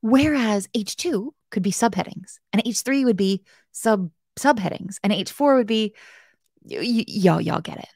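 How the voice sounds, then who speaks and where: A woman's voice: mid-range voice, lively intonation, measured pace, vocal fry, a little mellow, dry recording, clean studio sound. A woman hosting a live web development lesson. She is chatty and playful, mocks herself, and talks straight to viewers in the chat. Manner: chatty, playful and self-mocking. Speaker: web development bootcamp host. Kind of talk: casual live-stream coding tutorial.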